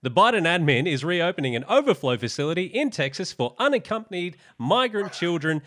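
An Australian man hosting a podcast, measured and wry, reading headlines aloud. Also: high-pitched, sing-song, a bit bright. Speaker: podcast host. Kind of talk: casual podcast commentary.

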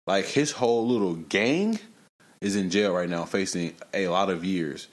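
A young man hosting a casual podcast, telling stories in lively slang and breaking into rap lines. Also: low voice, a little slow. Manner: animated, slangy storytelling with bursts of rapping. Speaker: podcast host.

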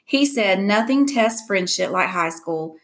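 A woman reads a first-person audiobook narration with expressive, lively delivery. Her voice sits at a mid pitch. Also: a little slow.

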